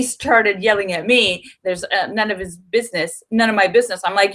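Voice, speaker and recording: A woman's voice: mid-range voice, fairly quick. A middle-aged woman chatting on her livestream, telling a story and acting out what people said. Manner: chatty storytelling, animated when quoting people. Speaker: livestream host. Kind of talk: casual livestream chat. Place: her home in Los Angeles.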